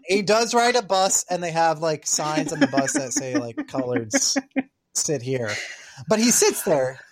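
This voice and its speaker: A man's voice: high-pitched, animated, normal speed. A man co-hosting a podcast, recapping a film plot in a rambling, filler-heavy casual chat. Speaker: podcast co-host reviewing a film.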